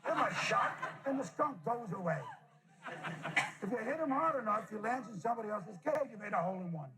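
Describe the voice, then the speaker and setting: A man's voice: high-pitched, animated, a little fast, heavy background noise. A comedian playing an ancient, bragging two-thousand-year-old man who rambles and kvetches, answering audience questions. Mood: kvetchy. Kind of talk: improvised comedy character Q&A.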